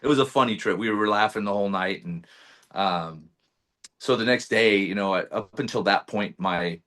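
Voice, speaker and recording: Low-voiced man telling an animated story. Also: moderate pace. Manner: animated, swears freely, acts out his own past lines. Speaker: podcast guest. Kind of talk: casual storytelling chat.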